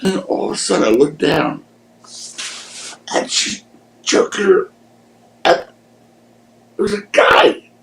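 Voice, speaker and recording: Podcast guest, man in his 60s, raspy storyteller, casual and profane, echoey room. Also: a little high, takes it slowly, long pauses, a little hiss or hum. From Philadelphia. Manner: animated anecdotes, swears freely. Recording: roomy echo.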